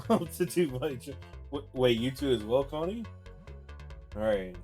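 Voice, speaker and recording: A man's voice: medium pitch, animated, measured pace, darkish tone, soft background music. A young man, chatting casually while streaming a game live and reading chat aloud. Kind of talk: live gameplay commentary.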